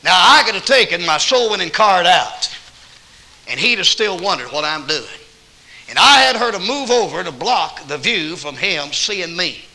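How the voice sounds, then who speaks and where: A Southern-accented male evangelist preaches in a church, his voice bright and cutting. His pitch swings widely as he tells folksy stories and bursts into loud emphasis. He sits a little high for a man. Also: lively intonation, normal speed, low-quality recording. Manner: folksy anecdotes, quoting himself and others, bursts of loud emphasis. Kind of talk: sermon with storytelling. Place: church auditorium.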